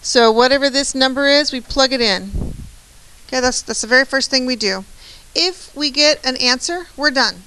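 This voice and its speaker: A woman's voice: high voice, normal speed, sharp tone, a little hiss or hum, poor audio. A woman math teacher giving a chatty, encouraging lecture, often checking in with "right?". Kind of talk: classroom lecture.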